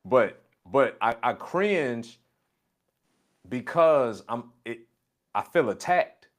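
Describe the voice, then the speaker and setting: A man's voice: mid-range voice, expressive, slow pace. A man coaching a colleague in a casual conversation, emphatic and repeating his catchphrases. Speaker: business coach.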